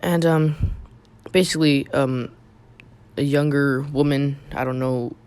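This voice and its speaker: A man's voice: mid-range voice, steady tone, slow, a little mellow, clear, resonant tone. A young man casually telling a personal story on his channel, rambling with many fillers and restarts. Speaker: YouTube storyteller.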